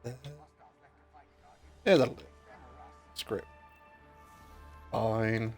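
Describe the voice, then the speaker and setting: A British man in his thirties chats casually while streaming a game, telling jokes and stories with lots of swearing in an animated way. His voice is fairly low, he draws out his words, and faint music plays behind him.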